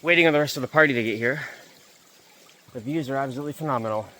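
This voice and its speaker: A young man vlogging as he hikes up a mountain trail. He is out of breath and chatty, and he repeats himself when something excites him. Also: mid-range voice, very fast. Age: young adult. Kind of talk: casual hiking vlog.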